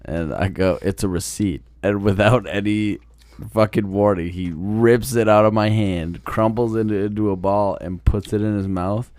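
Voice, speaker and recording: A man's voice: fairly low pitch, normal speed, no echo. A man chatting casually as a podcast host, telling stories with lots of swearing. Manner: swears freely, animated storyteller. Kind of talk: casual chat.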